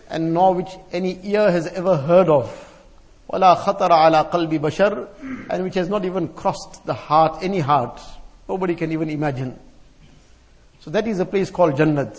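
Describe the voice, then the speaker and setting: High-voiced man preaching in echoing hall. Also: moderate pace, darkish tone. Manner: chants Arabic verses, then explains them; repeats phrases in rhythmic lists. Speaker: Islamic scholar giving a talk. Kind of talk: sermon. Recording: long hall reverb.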